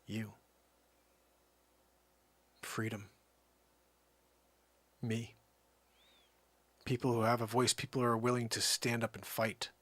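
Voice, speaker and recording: A man's voice: mid-range voice, level tone, takes it slowly, long pauses, a bit bright, no room sound. A man hosting a livestream, ranting in a heated, sarcastic and exasperated way. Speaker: livestream host. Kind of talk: ranting live commentary.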